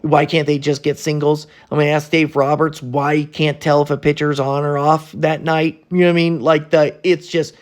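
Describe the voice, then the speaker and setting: A man's voice: a little high, little pitch movement, moderate pace, few pauses. An angry man ranting in a casual sports vlog, blunt and slangy, stuttering and restarting his sentences as he talks. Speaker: sports vlogger. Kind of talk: casual sports commentary rant.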